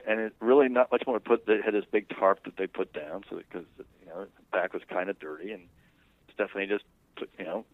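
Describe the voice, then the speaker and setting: A man with a very low voice tells a long personal story to an interviewer, wandering and conversational. The line is tinny and phone-like, with a dry sound and no room echo. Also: steady tone. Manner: rambling, conversational and unhurried.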